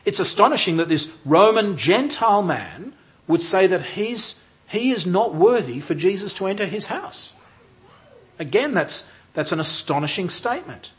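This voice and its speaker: Guy teaching a bible passage, calm explaining tone, voice a bit on the high side. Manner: measured, explanatory, with restarts. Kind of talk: lecture on a Gospel passage.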